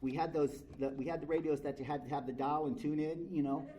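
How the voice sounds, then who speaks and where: At a recovery meeting in a convention meeting room, a middle-aged Californian man tells his story to a live crowd, blunt, frank and profane. His voice is a little high and fairly even in intonation, with a quick pace and dark tone, on a rough recording.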